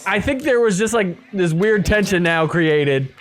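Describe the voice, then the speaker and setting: A man hosting a podcast, recapping match highlights in casual play-by-play style, chuckling often and doing quick voices for the players. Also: animated, a crowd in the background. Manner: impersonates players in quick asides. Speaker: podcast host.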